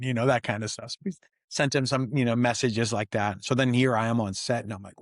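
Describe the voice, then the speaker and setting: A man's voice: medium pitch, fairly quick, dry recording, studio quality. A man, a stuntman guest on an interview show, telling stories casually and acting out what people said. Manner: animated, acts out quotes.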